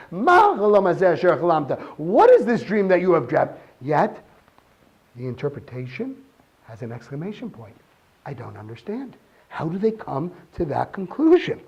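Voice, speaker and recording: A man giving a weekly Torah talk, reading verses in Hebrew and asking pointed questions in an animated way. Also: high-pitched, breathy edge, dull audio. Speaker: Torah teacher.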